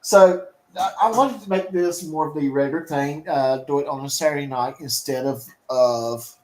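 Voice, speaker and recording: A man's voice: a little high, moderate pace, reverberant, rough recording. A man hosting a casual talk show, speaking in an easygoing, rambling way with many fillers. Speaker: podcast host. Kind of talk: casual chat.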